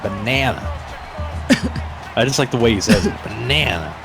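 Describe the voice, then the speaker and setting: A male color commentator who jokes around and laughs at his own riffs. His voice sits at an ordinary middle pitch, with music playing steadily behind him. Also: sing-song, normal speed. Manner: jokey, playful, laughs at his own bits.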